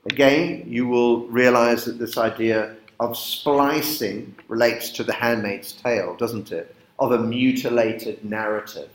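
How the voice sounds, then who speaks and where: A male literature teacher lectures a class on a poem, reading quoted lines with slow emphasis. He keeps checking in with his class through tag questions. His voice sits at a middling pitch and carries a roomy classroom echo. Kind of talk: classroom poetry lesson.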